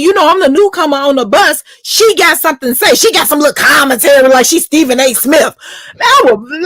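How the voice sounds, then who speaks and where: A woman's voice: sits high, a bit bright, dry recording. Brief: Chicago woman, blunt and fiery storyteller, dry close sound. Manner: blunt, heated, swears freely. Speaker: host telling her jail story. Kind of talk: casual reaction-stream storytelling.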